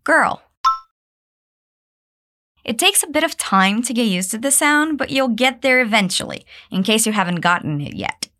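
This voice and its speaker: A woman teaches English pronunciation, slowly modeling each phrase for the listener to repeat. Her voice swings widely in pitch and jumps up brightly whenever she praises the learner. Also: expressive. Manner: encouraging, drills repetition, pitch leaps on praise. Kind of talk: pronunciation lesson.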